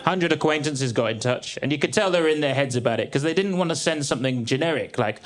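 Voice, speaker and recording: A man in his thirties doing a stand-up comedy set on a theatre stage, with a dry, deadpan delivery. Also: on the high side, quick pace, few pauses, background noise. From England. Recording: live theatre with crowd laughter. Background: audience laughter.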